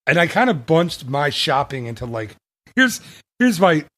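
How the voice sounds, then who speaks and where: A man's voice: a little high, very animated, normal speed, sharp tone, no echo. A man hosting a travel podcast in casual chat, rambling and laughing often as he corrects himself. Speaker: podcast host.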